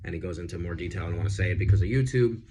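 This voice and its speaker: Deep-voiced guy chatting through a movie review, animated, lots of fillers. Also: racing, slightly rough. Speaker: film reviewer. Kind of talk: casual film review chat.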